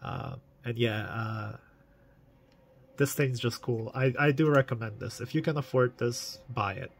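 In a casual video review, a man talks through his collection of toy cars for his viewers. His mid-pitched voice has a gravelly edge, and he's chatty and enthusiastic, rambling with lots of fillers at a measured pace.

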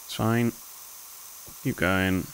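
A man's voice: on the low side, steady tone, very slow, a little hiss or hum, poor audio. A young man giving jumpy, self-mocking commentary while playing horror games, with sudden yelps. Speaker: gaming video host.

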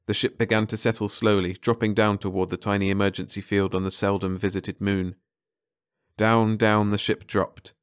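A man narrating a science fiction short story as an audiobook in a measured, dramatic way. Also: on the low side, flat delivery, clear, resonant tone, no echo, clean studio sound.

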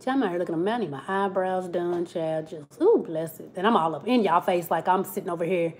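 A woman's voice: lowish voice, fairly quick, a little mellow, slight background noise. A woman, chatting casually on a live stream, reading comments and laughing often. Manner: chatty, laughs often, Southern slang like "child" and "y'all".

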